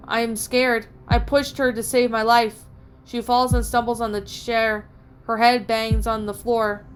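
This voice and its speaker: A woman's voice: on the high side, level tone, measured pace. Woman narrating a horror story over music. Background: background music.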